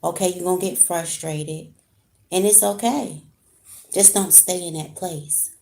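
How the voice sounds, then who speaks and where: A woman's voice: lowish voice, unhurried, gravelly, mellow. A woman giving a casual live tarot reading at home, talking straight to her viewers with slang. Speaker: tarot card reader. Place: home room with heat on.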